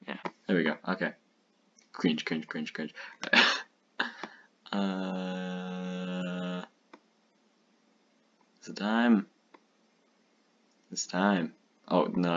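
A man's voice: low voice, dull audio. A young man rambling and poking fun at his own old short films as a video host. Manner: rambling, self-mocking. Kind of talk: reaction commentary.

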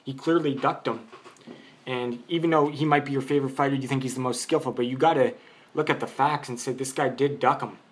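A boxing commentator with a medium-pitched voice and fairly even intonation speaks fairly quickly, offering an unscripted opinion in a vlog. He argues his point, rambling and restarting his sentences.

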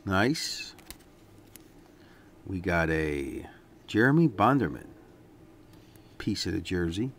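A man casually talking through a stack of sports trading cards, relaxed and rambling with lots of fillers. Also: low voice, slow pace, pauses often, a little hiss or hum. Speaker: card collector vlogger. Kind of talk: casual unboxing commentary.

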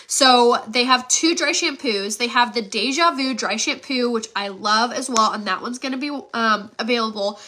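A woman's voice: fairly high pitch, pushed and bright. A congested woman in her thirties hosting a live beauty demo and giveaway, chatty and upbeat with lots of fillers. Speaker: beauty livestream host.

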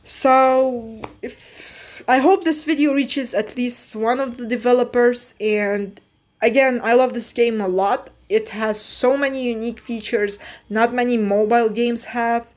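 A woman's voice: on the high side, steady tone, a little slow. A young adult woman in a casual gaming vlog, rambling and often restarting as she trips over her own words. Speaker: mobile game YouTuber.

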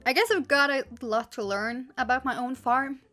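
A woman's voice: high-pitched, normal speed, sharp tone, soft background music. A woman reading a bewildered old male farmer in a storybook, puzzled and muttering.

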